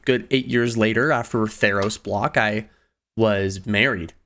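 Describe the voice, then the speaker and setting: A man in his twenties telling personal stories in a casual vlog, animated, laughing often and jumping up in pitch on emphasis. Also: a little slow. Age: 20s. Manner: animated, laughing storyteller with sudden pitch jumps. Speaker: video creator.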